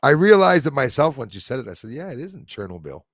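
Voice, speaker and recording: A man's voice: fairly high pitch, expressive, fast talker, vocal fry, no room sound, studio quality. A man hosting a casual livestream, chatting with viewers by name and often stumbling over his words. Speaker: livestream host reading chat.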